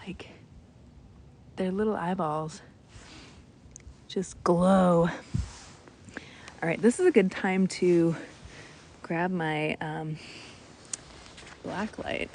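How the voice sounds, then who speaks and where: A woman giving live-streamed commentary on a night beach walk, bubbly and excitable as she points out sea creatures outdoors. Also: lowish voice, drawn-out words, long pauses, a little hiss or hum. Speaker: naturalist guide on a live stream.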